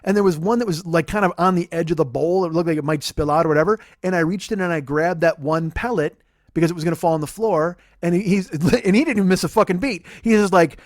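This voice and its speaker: A podcast host tells rambling comic stories in casual chat, swearing constantly and joking throughout. His voice is a little high, recorded in studio quality with no room sound.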